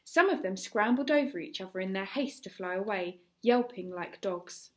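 A woman teacher with an English accent reads a chapter book aloud, expressive, with small slips she corrects. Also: medium pitch, moderate pace. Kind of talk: reading a story aloud.

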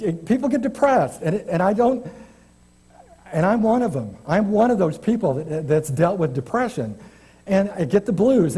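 A man's voice: sits high, mellow, breathy edge. A man preaching an informal, chatty church sermon as a guest preacher, self-deprecating and often restarting his sentences. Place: church sanctuary.

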